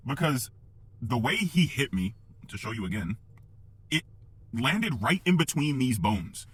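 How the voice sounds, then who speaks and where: Husky young man, mid pitch, swearing through a lively storytime monologue. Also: moderate pace, pauses often, no echo. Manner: profane, animated retelling that acts out the sounds of the story.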